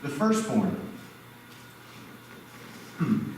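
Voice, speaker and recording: A man's voice: medium pitch, expressive, a little slow, long pauses, slight background noise. A male pastor preaching a sermon in a conversational way, asking the congregation questions. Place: church sanctuary. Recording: echoey church hall, distant mic.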